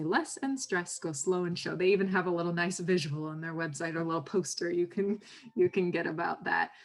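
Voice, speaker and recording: A woman speech pathologist giving advice on a podcast, explaining in a gently instructive way and modeling phrasing aloud. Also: on the low side. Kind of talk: podcast interview.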